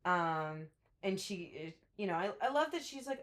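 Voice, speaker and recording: A woman's voice: lowish voice, sing-song, unhurried, fairly bright tone. A woman co-hosting a book podcast, chatting casually, often acting out characters' lines and swearing now and then. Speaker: podcast co-host.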